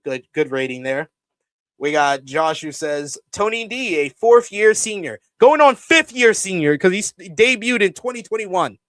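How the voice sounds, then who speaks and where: A man hosting a live-stream wrestling review, reading viewer comments and ranting loudly at times. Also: high-pitched, moderate pace, no room sound. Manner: animated, swears when ranting.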